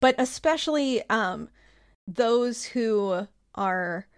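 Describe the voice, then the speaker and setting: A woman hosting a casual podcast, a therapist talking in a playful, animated way. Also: on the high side, very slow, clear, resonant tone.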